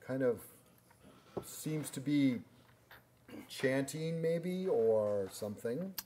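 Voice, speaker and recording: A man's voice: mid-range voice, lively intonation, a crowd in the background. A man narrating as game master in a tabletop role-playing game, often repeating and restarting his words. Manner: halting, repeats words while describing.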